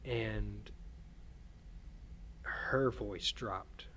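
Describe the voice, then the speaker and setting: A man speaking as a podcast guest in casual storytelling, halting and repeating words as he earnestly recounts a frightening event. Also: on the low side, fairly bright tone, a little hiss or hum. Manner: earnest, shaken retelling.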